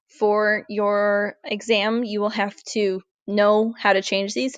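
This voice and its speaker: A woman teaches a recorded grammar lesson in a clear, deliberate voice, slowing down to model each word. Her pitch sits in the middle for a woman. The sound is dry and close. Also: level tone, no echo. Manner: clear, deliberate, slows down to model Spanish words. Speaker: Spanish teacher. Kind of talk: recorded classroom lesson over slides.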